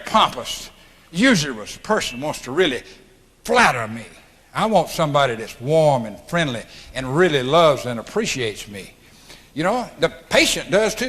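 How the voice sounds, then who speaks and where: A man's voice: fairly high pitch, sharp tone. Emphatic man lecturing in a reverberant hall. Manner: emphatic, preachy, blunt. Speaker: speaker at an orientation. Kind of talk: motivational lecture. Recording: archival hall recording with long reverb.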